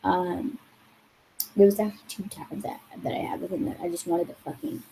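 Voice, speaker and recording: A woman vlogger rambles through an exasperated storytime rant, her tone mellow and warm. She peppers every sentence with swearing and "like." A faint hiss sits under the recording. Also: lowish voice, steady tone, moderate pace, rough recording. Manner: rambling and profane, heavy use of "like".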